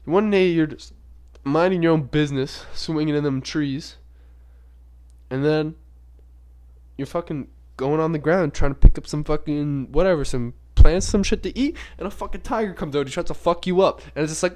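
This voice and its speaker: In a slightly high, darkish voice that moves a little fast, a young man hosts a podcast, talking off the cuff in a loose, profane monologue packed with filler words.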